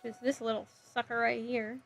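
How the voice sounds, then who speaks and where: A woman's voice: a little high, little pitch movement, a little fast, gravelly, soft background music. A woman live streaming as she builds a model kit, chatting with viewers in a sassy, giggly way. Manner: sassy, playful, giggly, reacts to chat messages.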